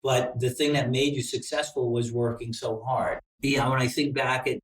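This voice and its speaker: A middle-aged screenwriter, appearing as a guest, tells frank and profane stories in a relaxed interview. His medium-pitched voice stays level at a normal speed, and the recording sounds roomy, as if the mic were far away.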